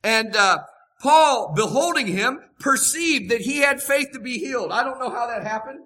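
Man, preacher, very high voice, sharp tone, emphatic, repeats phrases. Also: lively intonation, normal speed. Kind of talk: sermon.

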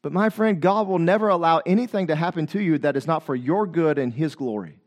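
A male preacher with a fairly high voice delivers a passionate sermon. He speaks straight to his listeners, asks them for an "amen", and acts out the voices of the scripture he quotes. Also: fairly quick.

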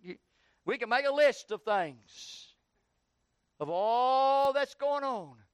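A man pastor preaching a sermon in a church, building to heated rapid questioning and then easing down. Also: very high-pitched, lively intonation, clear, resonant tone, no room sound.

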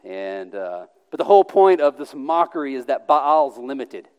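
A man's voice: mid-range voice, very animated, normal speed, darkish tone, smooth. A man preaching a sermon as pastor, emphatic, with sarcastic put-on voices and frequent restarts. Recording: long hall reverb.

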